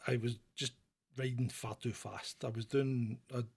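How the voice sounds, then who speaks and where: A man's voice: mid-range voice, flat delivery, measured pace, creaky, darkish tone, slightly rough. A middle-aged man from Britain hosting a live question-and-answer chat, blunt and opinionated, rambling with restarts as he answers viewers.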